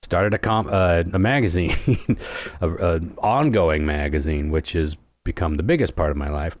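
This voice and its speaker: Deep-voiced laid-back male podcast host. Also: moderate pace, no room sound. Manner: rambling, laid-back storytelling. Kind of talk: casual chat.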